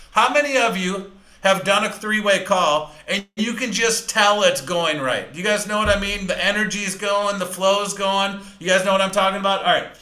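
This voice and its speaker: A man giving a live sales training talk, fast-talking, energetic and emphatic. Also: high-pitched, reverberant, poor audio.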